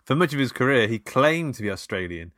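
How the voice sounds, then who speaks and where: A man co-hosting a casual film podcast, reading quiz questions with loud stresses and laughing easily. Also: mid-range voice, big pitch swings, brisk, no room sound, studio quality. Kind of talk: casual chat.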